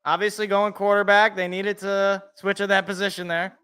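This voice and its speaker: This young man's voice is high, bright and fairly tense, yet his tone stays level and smooth at a normal speed. He runs a casual live reaction stream, musing out loud and laughing quietly to himself between remarks.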